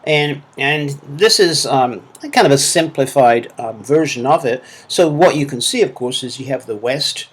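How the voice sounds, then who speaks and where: A man's voice: mid-range voice, measured pace, few pauses, breathy edge. A man with a Manchester accent giving recorded course feedback as a lecturer, talking hesitantly with many fillers and restarts. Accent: Manchester English. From England. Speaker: university lecturer.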